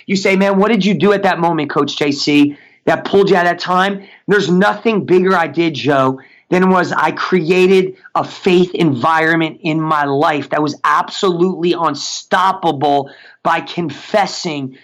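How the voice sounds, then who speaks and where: A man who is a motivational coach, speaking on a podcast about faith and declarations. He is emphatic and slows down to say affirmations, with some stumbles and restarts. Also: a little high, fairly bright tone.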